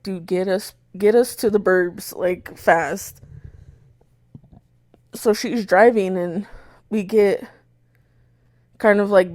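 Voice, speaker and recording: A young woman on a podcast tells a story in a loose, animated way. She curses freely and bursts into the shouted lines she is quoting. Her voice is mid-pitched, recorded close and dry, with no room sound. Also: dry recording. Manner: animated retelling, swears a lot, acts out her own shouts. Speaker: podcast co-host. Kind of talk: casual storytelling chat.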